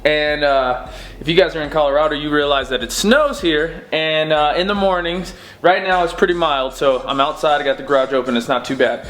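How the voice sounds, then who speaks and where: A man's voice: a little high, fairly quick. Casual rambling guy in a garage. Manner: rambling, relaxed, many fillers. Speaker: car-build vlogger. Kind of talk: casual garage update vlog. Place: home garage, door open.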